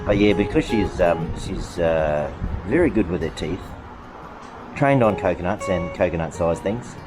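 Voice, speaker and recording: A middle-aged man with an Australian accent and a very low voice chats in a loose, rambling way, often turning to speak fondly to his dog. Music plays clearly behind him throughout. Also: lively intonation, unhurried. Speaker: farm vlogger. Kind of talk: casual chat to camera.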